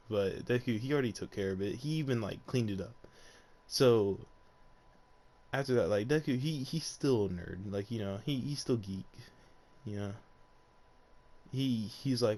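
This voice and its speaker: A man's voice: fairly low pitch, moderate pace, a little mellow, slight background noise. A young man casually telling an unscripted fan story, rambling with lots of fillers and frequent laughs. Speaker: YouTuber.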